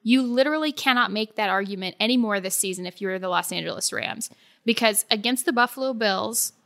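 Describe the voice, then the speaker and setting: Bright-voiced woman talking football. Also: medium pitch, fairly quick, vocal fry. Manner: animated, laughs often, acts out quotes. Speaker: sports podcast co-host. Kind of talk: casual sports discussion.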